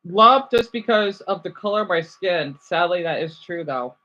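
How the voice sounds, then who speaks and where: Young guy, bright tone, rambly livestream chat, reads comments aloud. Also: high-pitched, lively intonation, moderate pace, lo-fi sound. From United States.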